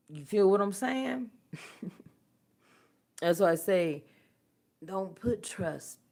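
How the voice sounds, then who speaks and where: A woman hosting a spiritual livestream, talking casually in a blunt, profane way and laughing often. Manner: swings from low mutters to loud outbursts. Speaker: spiritual channel host.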